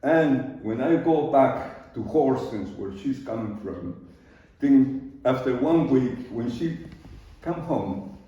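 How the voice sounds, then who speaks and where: An older man from Peru with a Peruvian Spanish accent, a native Spanish speaker, giving an unhurried live talk with loose grammar and frequent pauses. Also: medium pitch, animated, dark tone. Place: large art studio. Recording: very echoey room from far off, dull.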